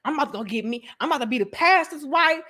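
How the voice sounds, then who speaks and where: A giddy, scheming church lady chasing a newly single pastor, as a woman puts her on. The voice sits high and bright, bubbling with plans to land him. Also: animated, quick pace, slight background noise.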